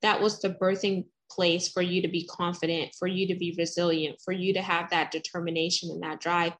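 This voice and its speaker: A woman's voice: lowish voice, little pitch movement, a little fast, rough recording. A woman hosting an interview, affirming and encouraging, speaking in long flowing sentences. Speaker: host. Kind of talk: interview conversation.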